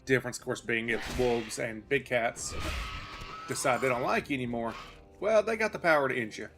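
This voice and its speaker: A man's voice: mid-range voice, normal speed, over music. Rambling, chatty male game streamer. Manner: rambling, chatty, self-deprecating asides. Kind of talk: casual chat while playing.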